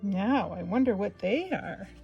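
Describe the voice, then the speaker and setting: A woman's voice: mid-range voice, animated, a little slow, darkish tone, highs cut off, soft background music. A woman voicing a curious, hopeful little male colt in a storybook, musing to himself in a wondering tone.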